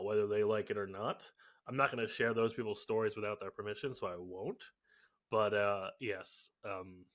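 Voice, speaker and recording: Man, young adult, podcast co-host, bright tense voice, rambling casual chat, lots of ums. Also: on the low side. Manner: rambling, filler-heavy, laughs often.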